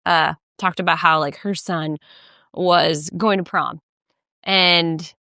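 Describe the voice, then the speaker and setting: A woman's voice: on the low side, steady tone, takes it slowly, vocal fry, bright, forceful tone, dry recording, clean studio sound. A woman co-hosting a podcast, talking casually and rambling through a story with many fillers while walking outdoors by a lake. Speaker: podcast co-host. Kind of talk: casual chat.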